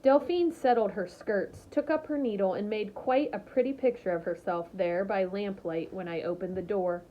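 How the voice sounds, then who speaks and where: A woman's voice: mid-range voice, moderate pace. A woman reading a novel aloud, narrating steadily and expressively. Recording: slightly muffled lo-fi recording.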